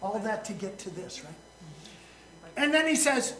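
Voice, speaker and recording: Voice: sits high, expressive, normal speed, long pauses, fairly bright tone, reverberant, rough recording. A pastor preaching a sermon in a folksy, joking way, asking the congregation questions along the way.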